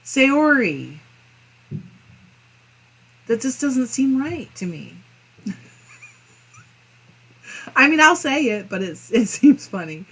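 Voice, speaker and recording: A woman's voice: high-pitched, big pitch swings, slow, pauses often, a bit bright, husky, poor audio. A woman with a Midwestern accent hosting a live crafting stream, reading viewer comments aloud in a friendly, chatty way. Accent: Midwestern American. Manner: chatty and friendly, muses aloud with small laughs.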